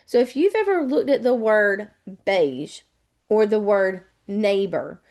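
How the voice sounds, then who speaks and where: Southern US woman, test prep tutor, chatty, repeats each step, mid-pitched. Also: lively intonation, takes it slowly, a little mellow. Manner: chatty, repetitive step-by-step explaining. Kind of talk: live online webinar lesson.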